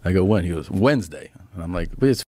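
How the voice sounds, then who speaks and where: A man's voice: low-pitched, quick pace, darkish tone, dry recording, studio quality. A man on a podcast telling rambling anecdotes in casual chat and acting out the quotes. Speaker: podcast guest.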